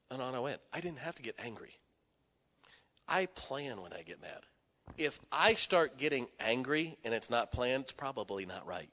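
Middle-aged pastor, bright, forceful delivery, folksy storyteller, hall reverb. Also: male voice, medium pitch, lively intonation, brisk. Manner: folksy storytelling preacher, swings between loud emphasis and quiet asides. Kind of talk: sermon. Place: church sanctuary. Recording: long hall reverb in a church.

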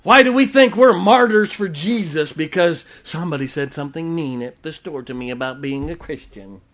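A man's voice: a little high, moderate pace, fairly bright tone. A man preaching a sermon to a congregation, folksy and emphatic, repeating his key lines and chuckling between points. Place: church before a congregation.

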